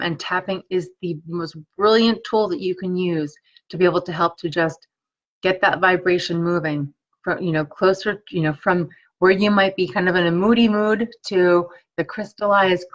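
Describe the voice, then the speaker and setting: A woman's voice: on the low side, lo-fi sound. Soothing woman guiding tapping affirmations. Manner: slow, soothing repeated affirmations; warm, encouraging chat with viewers. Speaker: energy tapping coach. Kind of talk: live-streamed guided tapping lesson.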